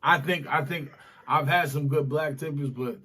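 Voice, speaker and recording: A loud, animated man from Boston who grew up in the South, riffing on a comedy podcast. His voice sits a bit high and he breaks into laughter often. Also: moderate pace, a crowd in the background. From Boston, raised in the US South. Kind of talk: casual comedic podcast banter.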